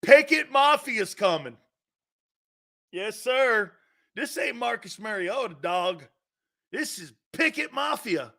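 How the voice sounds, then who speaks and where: A man with an East Coast American accent hosting a sports talk show, ranting loudly with profanity and frequent shouting. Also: very high voice, animated, slow pace, vocal fry, pauses often. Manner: loud, profane, often shouting.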